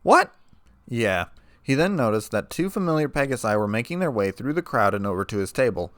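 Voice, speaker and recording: A man reading a fan story aloud as narrator, in a steady storytelling manner. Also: mid-range voice, quick pace, no echo.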